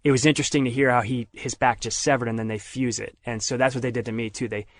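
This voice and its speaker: A man's voice: mid-range voice, fast talker, no echo. Man retelling a story in a dry close sound. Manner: animated retelling, acts out others' lines. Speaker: podcast guest. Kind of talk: casual storytelling.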